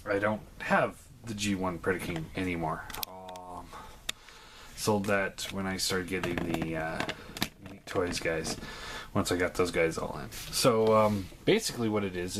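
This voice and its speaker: A man with a fairly low voice reviews a toy for his vlog, stopping often with ums and uhs as he chats along. His talk is relaxed and unscripted. Steady background noise sits under the recording.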